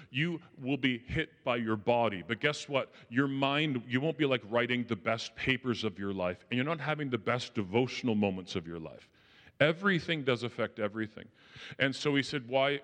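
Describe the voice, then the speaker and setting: A man giving a storytelling talk to an audience, animated and self-deprecating, acting out the people he quotes. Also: medium pitch, moderate pace, in a large hall. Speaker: speaker.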